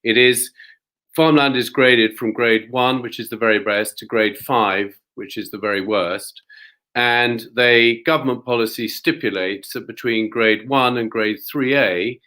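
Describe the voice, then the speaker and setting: A man's voice: mid-range voice, steady tone, a little slow, sharp tone. A man, a local farmer, giving a polite and explanatory prepared talk at a community event.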